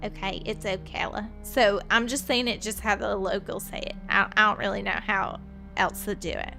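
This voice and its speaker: A woman's voice: medium pitch, steady tone, moderate pace, gravelly, bright, forceful tone, soft background music. A woman from Florida, a streamer chatting playfully with her viewers while she plays a point-and-click detective game. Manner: chatty, playful, talks to chat. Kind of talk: let's play commentary.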